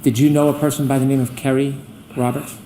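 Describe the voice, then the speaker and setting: A man's voice: mid-range voice, level tone, fast talker, warm tone, rough recording. A trial attorney questions a witness in court, a man with a mid-range voice. He asks short, methodical questions step by step, over a faint background hiss.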